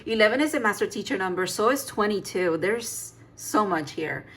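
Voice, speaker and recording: A woman's voice: medium pitch, lively intonation, normal speed, a bit bright. A woman giving a casual tarot reading, chatty and emphatic, laughing and sighing as she talks. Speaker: tarot reader.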